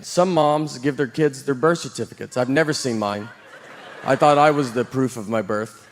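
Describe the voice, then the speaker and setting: A man performing a stand-up comedy set, telling stories in a deadpan, self-deprecating way. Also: mid-range voice, a little fast, in a large hall, a little hiss or hum. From Southern United States.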